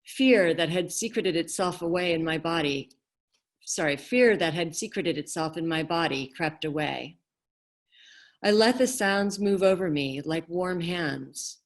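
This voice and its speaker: A woman author reading her novel aloud in a measured, expressive way over a video call. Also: on the low side.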